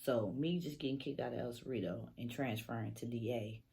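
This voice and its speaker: A woman's voice: a bass voice, a little fast, creaky, warm tone. A young adult woman from Northern California telling a casual story in a laid-back, profane, rambling way, full of fillers. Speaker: vlogger.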